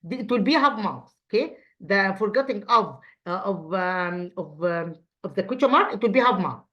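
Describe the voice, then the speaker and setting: An Egyptian woman teaching English as a second language. She talks at a middling pitch with many restarts and repeated words, checking her class with "okay?". The audio sounds a little dull and lo-fi. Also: animated, moderate pace. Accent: Egyptian Arabic. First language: Arabic. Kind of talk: revision lesson.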